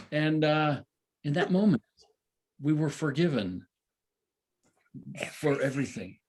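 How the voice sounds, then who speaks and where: A man's voice: medium pitch, darkish tone. An older man telling a long personal story at a satsang, rambling with many fillers and restarts. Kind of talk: casual spoken storytelling.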